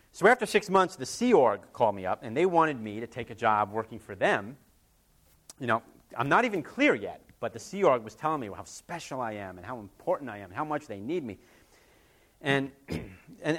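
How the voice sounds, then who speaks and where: A man giving a personal testimony in a library, telling his story in an earnest, halting way with many restarts. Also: mid-range voice, a bit bright. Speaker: former member giving a testimony.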